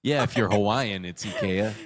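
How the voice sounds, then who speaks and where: A man's voice: mid-range voice, sing-song, moderate pace. A man hosting a podcast in casual chat, full of joking, mock-indignant teasing. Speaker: podcast host.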